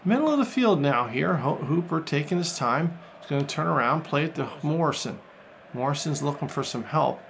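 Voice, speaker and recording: A man commentating on his own football video game like a jokey sportscaster, getting loud and excited during attacks and saves. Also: fairly high pitch, gravelly. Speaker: gaming YouTuber. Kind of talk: let's-play commentary.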